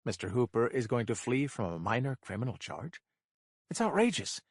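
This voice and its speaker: A man's voice: medium pitch, very animated, normal speed, slightly rough, dry recording, studio quality. A man voicing an indignant male defense lawyer who protests emphatically in court.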